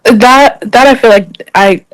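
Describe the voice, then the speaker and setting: A woman's voice: a little high, slow, rough recording. A young woman from Africa in a casual podcast discussion, chatty and laughing as she tells anecdotes. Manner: chatty, speeds up and laughs while telling anecdotes.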